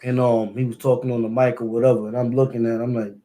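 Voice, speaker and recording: A fast-talking man from East New York, Brooklyn, recounts a story in loose street slang, repeating words and adding sound effects. He has a New York accent and a mellow, mid-range voice with a level tone.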